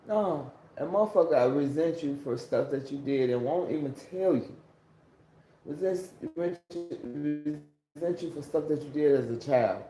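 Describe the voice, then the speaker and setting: Speaking into a phone on a casual livestream, a man with a fairly high, mellow voice rants, rambling, cursing heavily and repeating himself. The echoey room recording has a little hiss or hum.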